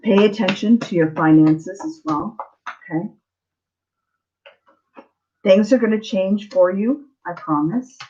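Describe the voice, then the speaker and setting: An earnest woman reads tarot cards live for a viewer, her voice pitched in an ordinary middle range. She speaks with feeling and keeps checking in with the listener. The stream audio sounds a bit dull and lo-fi. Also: slow, long pauses, dark tone, slight background noise. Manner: earnest, emotional, often ending with "okay?". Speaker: tarot reader. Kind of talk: live online tarot reading.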